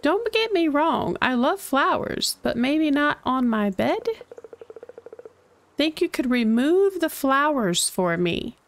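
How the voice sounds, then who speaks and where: A woman voicing a friendly, easygoing young villager in a cozy game, relaxed and chatty. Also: sits high, takes it slowly, slight background noise, voice pushed up, full character voice.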